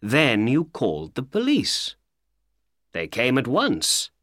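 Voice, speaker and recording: Man reading as a calm, knowing detective. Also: mid-range voice, takes it slowly, no echo, clean studio sound, exaggerated voice. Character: calm, knowing male detective explaining a crime. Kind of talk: audiobook character voice.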